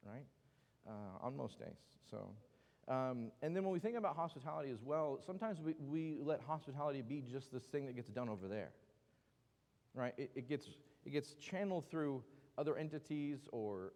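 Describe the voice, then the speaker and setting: A man's voice: medium pitch, darkish tone, big-room sound. A man teaching a Bible class in a casual, joking way with lots of asides. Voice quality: joking, chatty, with many asides. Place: church meeting room.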